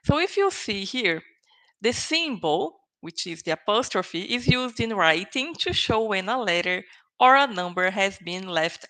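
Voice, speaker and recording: A woman's voice: medium pitch, fairly bright tone, poor audio. A woman whose first language is Portuguese teaching a live online English grammar lesson, patient and often checking in with "okay?" and "right?".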